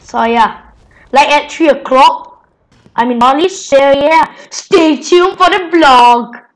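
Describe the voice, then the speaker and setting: Girl with a real high voice goofing around while gaming, chanting silly stuff. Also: slow pace, rough recording. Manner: playful, chanting and bantering. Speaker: gaming channel host. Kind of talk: casual gameplay commentary.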